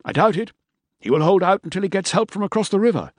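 A man putting on a sly, high-voiced army captain. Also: expressive, fast talker, no echo. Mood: sly polite. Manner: beguiling, polite, evasive. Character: sly, smooth-talking male African army captain. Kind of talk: audiobook character voice.

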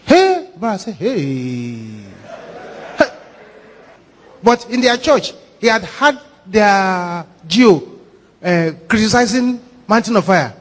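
A Nigerian man, a pastor, preaching a sermon with animated, repetitive, dramatic storytelling. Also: high voice, slow pace. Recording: echoey hall reverb.

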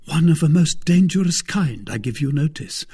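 A man's voice: a little high, expressive, moderate pace, darkish tone, slightly rough, voice pushed up. A man voicing a confident young male guardsman who speaks in a commanding, assured way.

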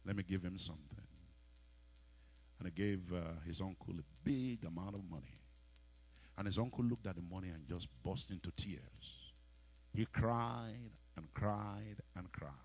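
A pastor preaching a sermon. He leads the congregation in call-and-response prayer, tells stories in animated voices and rises to loud shouts. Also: lowish voice. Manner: animated storytelling with voiced characters.

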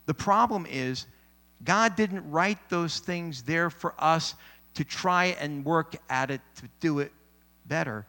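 A man preaching a sermon in an earnest, measured way, with emphatic pauses. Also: high voice, sharp tone.

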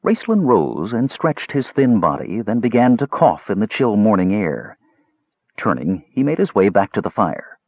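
A man narrating a fantasy audiobook with an expressive, storytelling delivery. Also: fairly low pitch, moderate pace, slightly rough, no room sound, phone-quality sound.

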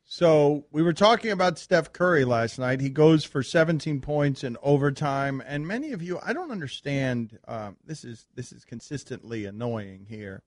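A man's voice: a little high, lively intonation, moderate pace, hardly any pauses, no echo. A man hosting a sports radio show in a studio, talking in a rambling, sarcastic, exasperated way. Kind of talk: casual sports talk chat.

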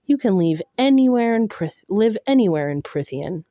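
A woman reading aloud voicing a bitter, masked male fae lord who speaks with a low growl. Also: expressive, normal speed, dark tone, no echo, muffled recording, close to an everyday voice.

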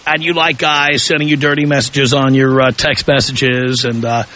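A man's voice: mid-range voice, little pitch movement, normal speed, bright, forceful tone, rough recording. A man hosting a call-in radio talk show, asking provocative questions with heavy emphasis.

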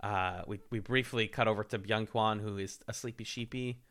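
A man co-hosting a podcast, recapping a reality show in casual chat, animated and laughing often as he acts out quotes. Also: fairly low pitch, normal speed.

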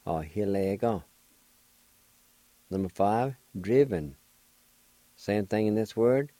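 A man's voice: lowish voice, slow, dark tone, no room sound. An older man with a Cherokee accent, hosting a radio language lesson and patiently spelling out words letter by letter. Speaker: language teacher and radio host.

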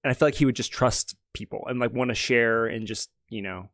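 A man's voice: medium pitch, fairly even intonation, a little fast, a bit bright, no room sound. A man speaks earnestly and reflectively in a casual chat, his thoughts full of fillers. The recording is dry and close. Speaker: player.

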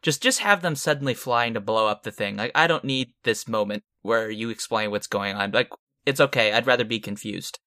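A man's voice: on the low side, a little fast, bright, forceful tone, dry recording, clean studio sound. A man co-hosting a film podcast, giving frank opinions in a rambling, casual way. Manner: rambling, frank, with short laughs. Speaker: podcast co-host.

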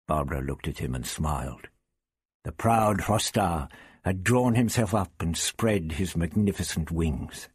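A man narrates a story in a measured way, with a breathy, husky voice. He reads slowly, with lively rises and falls in pitch, and the recording is dry and close. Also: no room sound. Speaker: audiobook narrator. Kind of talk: scripted narration.

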